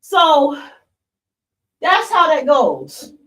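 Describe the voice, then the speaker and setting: She sits high in pitch, swings hugely up and down, and speaks extremely slowly with a slightly bright tone. The woman hosts a livestream podcast, passionately and bluntly addressing viewers as y'all and swearing freely. The audio is poor, with a distant mic.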